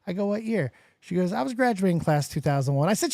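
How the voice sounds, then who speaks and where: A man in his forties from Las Vegas hosting a podcast, telling stories in a profane, animated way. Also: high-pitched, fast, vocal fry, dry recording, clean studio sound. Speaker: podcast host. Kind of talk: casual chat.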